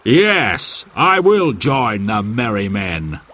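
A man reading a storybook aloud, voicing a tall, broad, stubborn stranger who speaks slowly, firmly and defiantly. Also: on the low side, big pitch swings, fairly bright tone, heavily acted. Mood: earnest. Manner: slow, firm and defiant.

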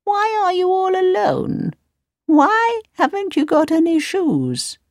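A woman voicing a kind, wise male raven in a storybook reading, gentle and reassuring. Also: extremely high pitch, very animated, takes it slowly, dry recording, studio quality, pitched above the performer's own voice, exaggerated voice. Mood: kindly.

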